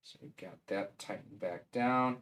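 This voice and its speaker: A man's voice: fairly low pitch, measured pace, fairly bright tone. A man with a Wisconsin accent chatting casually on a live stream, rambling and thinking aloud as he assembles a 3D printer.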